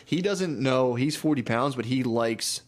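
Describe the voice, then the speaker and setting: Foul-mouthed guy on a comedy podcast, brash, keeps acting out what people said. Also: mid-range voice. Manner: brash, profane, quick acted-out quotes. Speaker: podcast co-host. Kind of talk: casual comedic chat.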